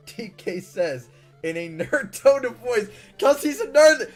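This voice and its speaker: A man's voice: on the high side, very animated, normal speed, breathy edge, faint music behind. A man streaming live, reading out viewer stories and breaking into laughs and mock-indignant protests along the way.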